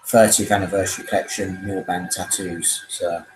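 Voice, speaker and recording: A man hosting a casual live stream chat, relaxed and chatty, often trailing off quietly. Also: deep voice, moderate pace, a little hiss or hum, rough recording.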